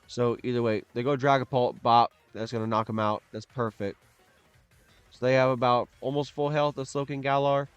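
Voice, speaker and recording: A young man provides live commentary on his own competitive match, murmuring a casual play-by-play and sometimes bursting into loud, frustrated shouts. His mid-range voice is clear and resonant, with fairly even intonation and a moderate pace. The recording is muffled with no echo, and soft music plays behind him.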